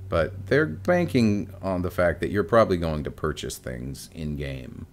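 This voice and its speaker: A man's voice: low voice, expressive, a little slow, hardly any pauses. A man with an American accent, chatting casually to his viewers as a video host, rambling with wry asides. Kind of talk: casual chat to camera.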